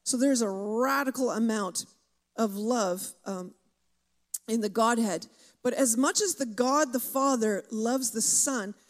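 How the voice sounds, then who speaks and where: A woman preaching a sermon with fervent emphasis, slowing down to stress key words. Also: fairly high pitch.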